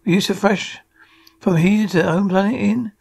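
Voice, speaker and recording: A man's voice: sits high, steady tone, normal speed, vocal fry, darkish tone, husky, exaggerated voice. A man voicing a jovial old space prospector who talks in a chummy, coaxing way.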